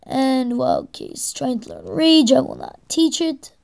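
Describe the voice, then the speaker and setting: A woman's voice: high-pitched, wildly swooping pitch, slow, vocal fry, a little mellow. A young woman giving gameplay commentary, exasperated and swearing at the game as she plays. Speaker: let's play gamer.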